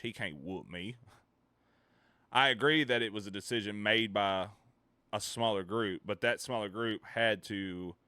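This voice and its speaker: A man with a lowish voice streams live, rambling and cursing as he reads chat aloud and riffs on it loudly. The recording is dry.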